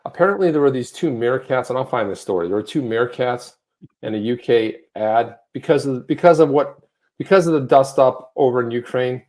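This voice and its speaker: A man in mid pitch hosts an online news show. He banters in a loose, jokey way and often breaks into reading a story aloud, pausing to comment on it. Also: a little mellow. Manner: jokey, talks over his partner, reads stories aloud. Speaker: co-host of a crypto news show.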